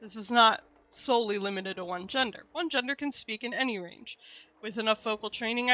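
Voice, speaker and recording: A woman's voice: a little high, fairly quick, pushed and bright. A young woman streaming live, chatting candidly with viewers and swearing casually as she explains things.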